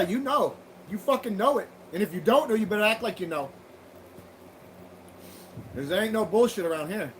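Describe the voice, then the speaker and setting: A man's voice: sits high, a little hiss or hum, rough recording. A man hosting a livestream, chatting loosely with viewers, swearing freely and laughing at their comments. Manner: loose, profane, laughing banter. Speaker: livestream host. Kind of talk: casual livestream chat with viewers.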